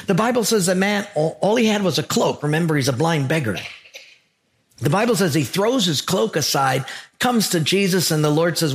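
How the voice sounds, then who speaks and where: Male pastor, sermon, earnest, emphatic, gravelly, fairly high pitch. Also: animated, moderate pace, a bit bright.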